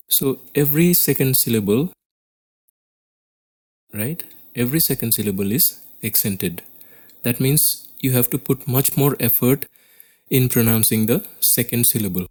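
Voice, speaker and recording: A man's voice: medium pitch, a little slow, a little mellow. Indian English man teaching poetry. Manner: explanatory, checks with "okay?" and "right?". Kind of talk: classroom poetry lesson.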